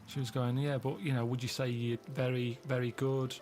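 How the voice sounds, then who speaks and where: A man telling meandering stories in a flat, deadpan way during casual chat. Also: medium pitch, normal speed, soft background music. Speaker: regular on a comedy podcast. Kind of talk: casual chat, rambling anecdotes.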